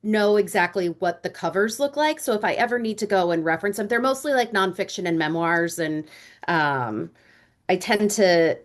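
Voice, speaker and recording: A woman in her forties, an author guesting on a podcast, talking in quick, chatty bursts with casual fillers. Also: medium pitch, lively intonation. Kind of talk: conversational interview.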